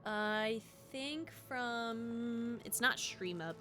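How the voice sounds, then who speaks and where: A young woman with a Southern US accent streams a game, chatting casually and bubbly and laughing easily. Her voice is on the high side with lively intonation, and she speaks a little slowly. Music plays in the background.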